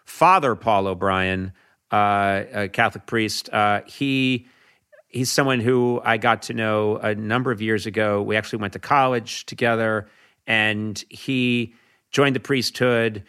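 A man's voice: fairly low pitch, steady tone, a little slow, fairly bright tone, clear, resonant tone. A man as a podcast guest, telling an earnest story animatedly, with frequent restarts. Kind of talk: casual conversation.

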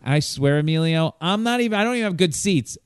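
A man telling a long story in casual chat, animated and rambling, with some swearing. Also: on the high side, fast, clear, resonant tone, dry recording, clean studio sound.

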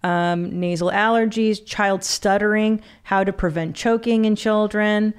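A woman's voice: medium pitch, steady tone, a little slow, clear, resonant tone. A woman hosting a podcast in a casual chat, talking freely, swearing and laughing along. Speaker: podcast host.

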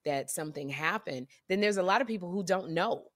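A woman co-hosting a casual podcast chat, talkative and animated, often repeating and restarting her sentences. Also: fairly low pitch, fairly quick. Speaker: podcast co-host.

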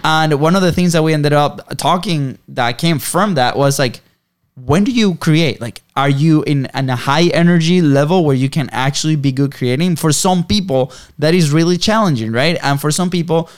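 A man's voice: on the high side, moderate pace. A man co-hosting a casual business podcast, chatting freely and checking in with "right?" again and again. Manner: chatty, often adds "right?". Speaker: podcast co-host.

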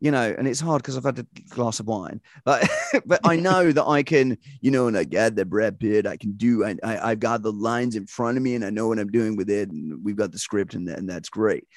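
Man, podcast guest, animated, chatty, laughs a lot, lively voice, dry room. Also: fairly low pitch, fairly quick, hardly any pauses, dry recording. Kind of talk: casual chat.

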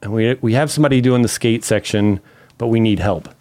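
A man from Memphis telling a long story as a podcast guest, animated, acting out the quotes and swearing freely. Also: fairly low pitch, brisk. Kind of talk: casual storytelling.

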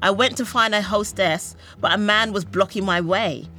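A woman's voice: mid-range voice, moderate pace, pushed and bright, soft background music. A young woman, a comedian, telling a dramatic story in a playful way on a panel show.

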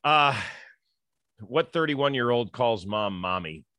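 A man hosting a sports talk show, chatty and emphatic, quick to joke. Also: mid-range voice, expressive, sharp tone, clean tone, no echo.

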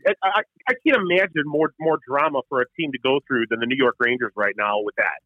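A man co-hosting a casual hockey show, telling stories quickly with lots of stumbles and restarts. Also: mid-range voice, no room sound, phone-quality sound. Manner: rapid storytelling with frequent restarts. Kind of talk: casual sports chat.

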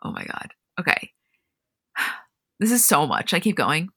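Lowish-voiced woman recapping a tv episode, animated and chatty, dry close sound. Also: a little slow, gravelly, husky, no echo. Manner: animated, reads quotes verbatim with frequent "like". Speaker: podcast co-host. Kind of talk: casual recap chat, reading scenes aloud.

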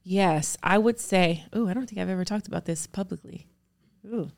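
A woman's voice: fairly low pitch, normal speed, gravelly. A woman in her thirties, an actor and producer, speaking candidly as a podcast guest. She talks earnestly and with emphasis, often in strings of rhetorical questions. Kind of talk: candid interview talk.

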